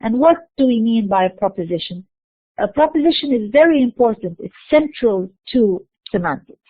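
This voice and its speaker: A woman's voice: on the high side, expressive, moderate pace, husky, dry recording. Woman lecturing over tinny audio. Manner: explains by repeating and asking herself questions. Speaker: linguistics lecturer. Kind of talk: classroom lecture. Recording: dry, tinny phone-like audio.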